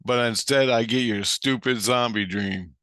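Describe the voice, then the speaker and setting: In a mid-range voice at a measured pace, a man vlogs a profane, rambling rant, performing each side of the conversation as he recounts it. The audio is clean with no room sound.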